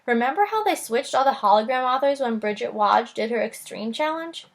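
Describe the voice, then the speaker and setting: An eager, bookish schoolgirl who shares facts with quick enthusiasm, read by a woman. The voice is a little high with a creaky grain, and it stays storybook-plain. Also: expressive. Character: eager bookish girl, about twelve.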